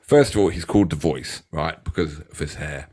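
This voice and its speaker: A man with an English accent co-hosting a reaction video, bantering and teasing in a casual, animated way. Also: a bass voice, normal speed, breathy edge. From England. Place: home studio.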